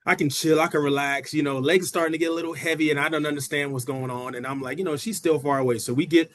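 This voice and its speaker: A middle-aged man with a New York accent, speaking a touch higher than most men. He tells his stories as a podcast guest with animated energy, jumping sharply upward in pitch whenever he voices someone's lines. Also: quick pace. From Brooklyn, New York. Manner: lively, acts out dialogue with big pitch jumps. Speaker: university track head coach, guest. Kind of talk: animated storytelling in a podcast interview.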